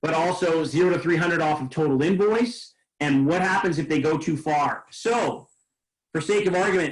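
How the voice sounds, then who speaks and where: A man running a sales training session, his voice sitting somewhat high. He coaches trainees through role-play and often restarts his sentences with repeated words. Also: rough recording. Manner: coaching, quick asides, repeats words when starting.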